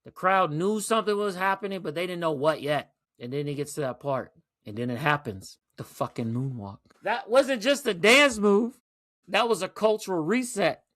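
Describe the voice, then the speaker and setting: Forty-something male host, fairly high lively voice, profane and emphatic casual talk. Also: dry recording, clean studio sound. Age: 40s. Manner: animated, profane, emphatic with rhetorical "right?". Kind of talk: casual commentary monologue.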